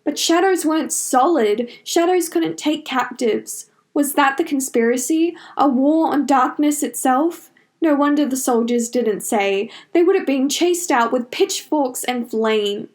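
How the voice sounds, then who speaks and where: A woman narrating a fantasy fanfiction story in a measured, dramatic storytelling manner. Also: high voice. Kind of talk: audiobook fanfiction reading.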